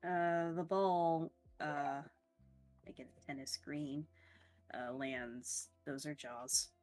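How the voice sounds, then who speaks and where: A woman running a tabletop game as game master, narrating in a casual, halting way with fillers and a bit of swearing. Her voice sits on the lower side and she takes her time, with soft music playing faintly behind her. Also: fairly even intonation.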